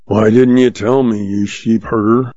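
A man's voice: lowish voice, steady tone, a little slow, dark tone, dry recording. A man playing a blustering dim sheriff. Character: slow-witted blustering small-town sheriff, middle-aged man. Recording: dry, slightly muffled lo-fi.

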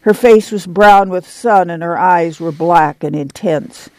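A man reading a novel aloud as an audiobook narrator, measured and unhurried. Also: high voice, darkish tone, no echo. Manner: slow, measured storytelling.

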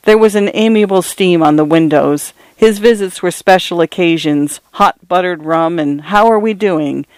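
A man reading a literary novel aloud as narrator, in a measured and expressive way. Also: high-pitched, clean tone, dry recording. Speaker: audiobook narrator.

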